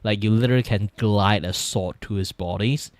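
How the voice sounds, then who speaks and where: At a moderate pace and a fairly low pitch, with no echo, a young man with a Malaysian English accent talks casually on his vtuber livestream while drawing. He rambles, laughs a lot and swears freely.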